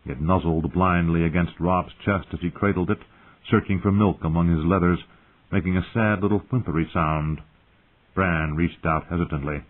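A man's voice: low-pitched, steady tone, moderate pace. A man narrating a story expressively as an audiobook reader. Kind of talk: scripted narration. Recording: tinny phone-like sound.

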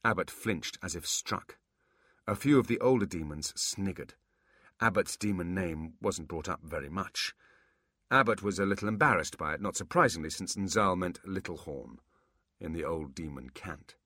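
Deep-voiced male storyteller, lively and bright, husky, dry close mic; good for fantasy audiobooks. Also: moderate pace, no room sound. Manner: expressive storytelling. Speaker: audiobook narrator. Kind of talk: scripted fantasy narration.

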